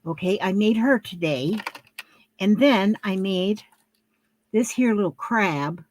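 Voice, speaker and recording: A woman's voice: mid-range voice, expressive, slow pace, slight background noise. An older woman talking casually to camera at home while she shows her handmade crafts, rambling and homey, with lots of fillers and restarts.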